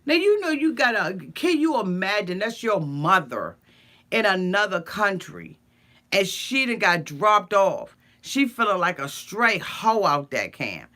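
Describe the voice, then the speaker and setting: A woman's voice: mid-range voice, big pitch swings, unhurried, sharp tone. Sassy woman recapping a reality show. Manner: sassy, blunt, profane, stammering asides.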